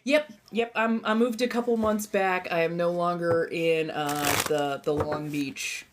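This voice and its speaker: A woman's voice: on the low side, unhurried. A young American woman with a slight Southern accent, chatting casually and laughing with her livestream chat. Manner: animated, laughing, reacting to chat. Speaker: livestream host.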